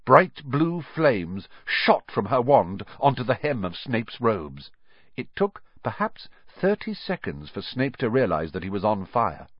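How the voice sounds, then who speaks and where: A man narrating a storybook in a highly expressive way, with a dull, dry recording. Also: unhurried, no echo. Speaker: audiobook narrator.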